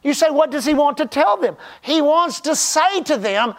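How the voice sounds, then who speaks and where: A man preaching a sermon as pastor, stressing key phrases slowly and then dropping to a hushed tone. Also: extremely high pitch, lively intonation.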